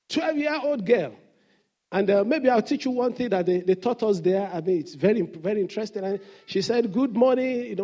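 Male pastor, sermon delivery; high-pitched, warm and mellow tone, earnest storyteller who stumbles and restarts. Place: church service.

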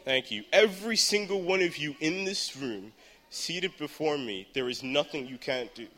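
A teenage boy gives an earnest youth sermon in a church hall, at times rising to fervent shouting. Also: fairly high pitch, expressive, moderate pace. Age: teens. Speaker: teen speaker at church service.

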